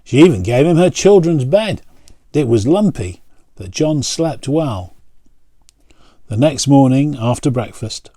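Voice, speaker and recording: A man, a pastor, reading a picture book aloud and pausing to point out the pictures. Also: medium pitch, animated, warm tone, no echo.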